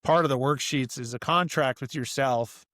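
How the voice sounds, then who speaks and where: A man's voice: medium pitch, moderate pace, fairly bright tone, no room sound, studio quality. A middle-aged man talking as a podcast guest, earnest and rambling, with lots of "you know" and "like" as he explains his work as an author and coach. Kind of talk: casual interview conversation.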